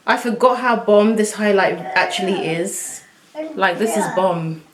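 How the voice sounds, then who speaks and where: A woman chatting to viewers as she works through a casual makeup tutorial at home, excitable and talking as she goes. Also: mid-range voice, unhurried, a crowd in the background. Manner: chatty, excitable, talks to viewers while working. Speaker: beauty vlogger. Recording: echoey room.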